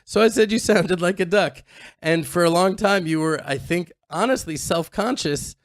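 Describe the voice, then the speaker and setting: A man's voice: high voice, normal speed, no echo, clean studio sound. A man co-hosting a casual chat, teasing and joking with his friend. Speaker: co-host. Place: outdoors on a farm in the mountains.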